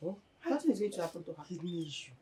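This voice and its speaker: A brash Nigerian mother figure who scolds and teases. Her voice swoops widely and has a mellow tone. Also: fairly low pitch, sing-song, rapid-fire, a little hiss or hum. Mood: scolding. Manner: loud, teasing, scolding. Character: brash older mother figure, blunt and dismissive. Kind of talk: film drama dialogue.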